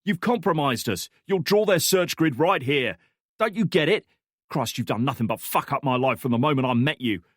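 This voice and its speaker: A man's voice: mid-range voice, animated, normal speed, no echo, clean studio sound, pitched above the performer's own voice, natural voice. A man voicing an enraged, hardened male operative in an audiobook, snarling and swearing. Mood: furious.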